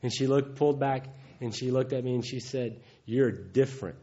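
A man's voice: medium pitch, flat delivery, a little fast, mellow. A man gives a heartfelt, folksy personal testimony at a recovery meeting, often chuckling. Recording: dull lo-fi recording.

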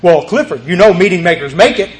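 An older man with a fairly high voice tells his recovery story to a meeting. He talks in lively bursts, acts out the voices in his tale, and often restarts his sentences. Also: fast talker, noisy background.

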